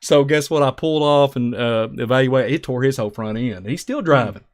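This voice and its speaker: A man's voice: mid-range voice, brisk. A man telling stories on a talk show, emphatic and rambling, acting out the voices of people in his stories. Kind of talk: animated storytelling on a talk show.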